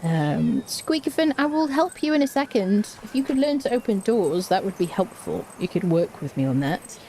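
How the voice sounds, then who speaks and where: A young woman talks casually to her chat while playing, her pitch bouncing up and down in a lively, animated way. She is playful and slangy and laughs easily. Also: normal speed, slight background noise. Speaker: streamer. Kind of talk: casual live-stream chat while gaming.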